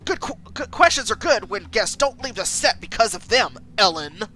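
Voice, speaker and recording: A woman voicing a harsh, demanding male news boss who scolds loudly. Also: medium pitch, expressive, fairly quick, soft background music, pitched above the performer's own voice, lightly acted. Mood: scolding. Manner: scolding, loud.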